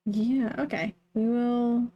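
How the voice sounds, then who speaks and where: A woman's voice: fairly high pitch, fairly even intonation, takes it slowly, muffled recording. A woman from the Southern United States streaming live, chatting casually in a meandering way with many fillers. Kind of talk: casual chat.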